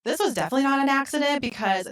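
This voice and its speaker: A woman co-hosting a podcast, retelling a film in casual chat and acting out the characters' lines with lively swings. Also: high-pitched, racing. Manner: animated retelling, acts out quotes. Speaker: podcast co-host. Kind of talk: casual movie recap chat.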